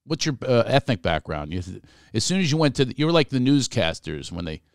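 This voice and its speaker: A man's voice: medium pitch, very animated, brisk, smooth, dry recording, studio quality. A middle-aged man from Philadelphia with a Philadelphia accent, hosting a podcast in a jokey, playful way and slipping into comic voices. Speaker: podcast host. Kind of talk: casual interview chat.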